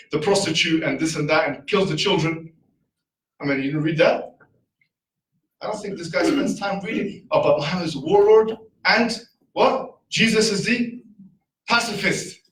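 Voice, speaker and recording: Male speaker, higher voice, debating style, recorded from a distance in a roomy hall with a faint hum. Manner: argumentative, rhetorical questions, quick asides. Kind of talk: casual lecture to a live audience.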